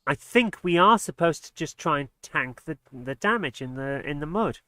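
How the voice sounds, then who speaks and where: A man's voice: a little high, lively intonation, normal speed, sharp tone. A man commentating casually on his gameplay as a let's play host, exasperated and muttering under his breath.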